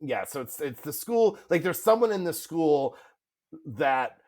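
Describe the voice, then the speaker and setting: A man's voice: a little high, sing-song, measured pace, darkish tone. A man co-hosting a podcast in casual chat, rambling and laughing often as he restarts his sentences. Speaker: podcast co-host. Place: home in Spain.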